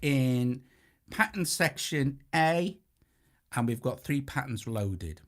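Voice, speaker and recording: A man's voice: medium pitch, lively intonation, slow pace, fairly bright tone. A man with a British accent hosting a hands-on synthesizer tutorial, talking casually and correcting himself as he presses buttons. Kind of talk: hands-on gear walkthrough. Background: synthesizer sequences playing.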